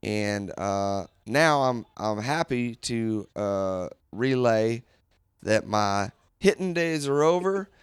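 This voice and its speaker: A man playing a washed-up ex-jock car salesman, slow, halting, smooth clear voice, dry sound. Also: fairly low pitch, animated, no echo. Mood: salesy. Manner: halting folksy ad read with fillers. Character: washed-up ex-football player turned car salesman.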